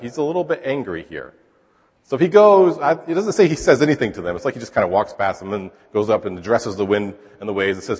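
Guy preaching casually, slightly husky voice, tosses questions at the crowd, echo trailing off in a big hall. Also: mid-range voice. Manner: chatty, asks the listeners rhetorical questions. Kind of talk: conversational sermon. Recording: long hall reverb.

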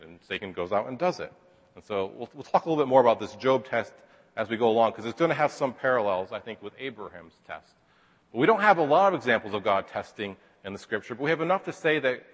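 A man's voice: mid-range voice, fairly bright tone, big-room sound. A man teaching a Bible lesson in a casual, chatty way, full of asides and rhetorical questions.

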